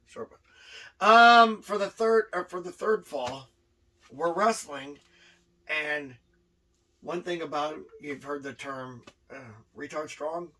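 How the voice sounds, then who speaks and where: A man co-hosting a podcast, telling stories in a lively, animated way with frequent restarts. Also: on the high side, slow pace, recorded from a distance, slight background noise, low-quality recording. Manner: animated, repeats and restarts words as he tells stories. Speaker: podcast co-host, wrestler. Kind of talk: casual storytelling chat.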